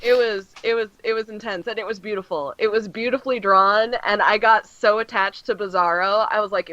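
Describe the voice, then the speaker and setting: A woman's voice: medium pitch, steady tone, a little fast, hardly any pauses, sharp tone, dry recording, lo-fi sound. A woman co-hosting a comics podcast, chatting casually and effusively with lots of fillers as she retells stories. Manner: rambling and effusive, many fillers, acts out scenes. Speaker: podcast co-host reviewing comics. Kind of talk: casual chat.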